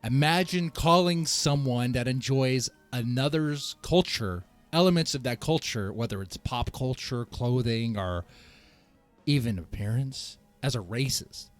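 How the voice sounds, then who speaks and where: A man streaming a video reaction, ranting and swearing in a heated, animated way and laughing at himself. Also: medium pitch, measured pace, faint music behind.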